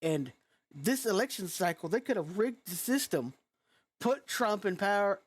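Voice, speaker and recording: A woman's voice: medium pitch, lively intonation, measured pace, breathy edge. A woman vlogger with a youthful-sounding voice, ranting in a frustrated, blunt and profane way. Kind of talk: angry reaction rant.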